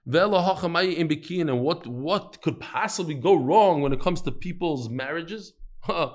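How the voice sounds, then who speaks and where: A man teaching a lively Talmud class to a live audience, quizzing his listeners and telling stories as he goes. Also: fairly high pitch, normal speed. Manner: animated, storytelling, quizzes the listeners.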